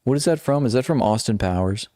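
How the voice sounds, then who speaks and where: Reading articles aloud on his live-stream commentary, a man keeps interrupting himself with mocking, sarcastic remarks. His medium-pitched voice is expressive, quick and dark-toned, captured as clean studio sound with no room sound.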